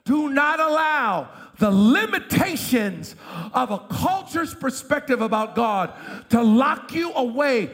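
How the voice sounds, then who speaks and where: Male preacher, high voice, bright and forceful, lively swooping pitch, middle-aged, church sermon. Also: takes it slowly, big-room sound. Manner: impassioned preaching, often shouting, call-and-response. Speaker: pastor. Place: church sanctuary.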